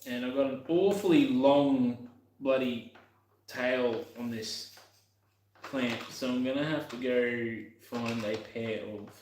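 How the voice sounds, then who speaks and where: A man's voice: mid-range voice, slow, a little mellow, roomy sound, slight background noise, rough recording. A young man casually talking while working on his motorbike, rambling and muttering to himself with the odd swear.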